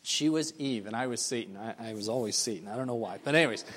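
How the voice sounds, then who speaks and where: A man preaching a sermon as a missionary, telling stories in an animated, emphatic way. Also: medium pitch, quick pace. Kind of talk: storytelling sermon.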